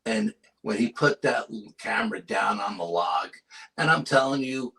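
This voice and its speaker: A man's voice: on the low side, normal speed, vocal fry. A man with a New York accent, a paranormal investigator telling a spooky field story in a casual interview, acting out voices and dropping to a whisper. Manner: animated storyteller, acts out quotes with whispers. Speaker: paranormal and cryptid investigator, guest.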